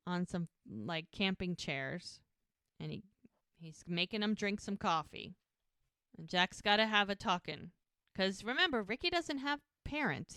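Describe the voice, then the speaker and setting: A woman's voice: mid-range voice, bright, forceful tone, smooth, no room sound, studio quality. A woman podcast co-host chatting casually, recapping TV scenes and retelling the characters' dialogue in detail. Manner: retells dialogue in detail, acting out the lines in quotes.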